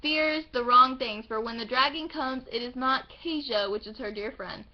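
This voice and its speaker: A young woman gushes over her new books in a casual home vlog, her voice high and bubbling with excitement. She rambles happily and drops the occasional swear. The recording sounds slightly dull and lo-fi. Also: moderate pace. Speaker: book vlogger. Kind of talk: casual book haul chat.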